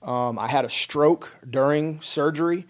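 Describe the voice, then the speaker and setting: A man's voice: a little high, unhurried. A middle-aged man, a military veteran, telling a personal story in a casual podcast chat, wry and plain-spoken, acting out the dialogue.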